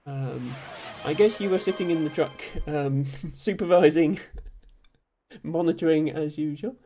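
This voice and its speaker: Guy on a stream, kinda high voice but mellow, lots of ums and little laughs. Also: measured pace, faint music behind. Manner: reads out chat, thanks viewers, many ums and soft laughs. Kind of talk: casual live-stream chat.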